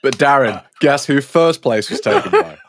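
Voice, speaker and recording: A man co-hosting a casual podcast, playful and quick with jokes and laughter. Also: mid-range voice, huge pitch swings, very noisy. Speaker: podcast co-host. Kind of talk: casual chat.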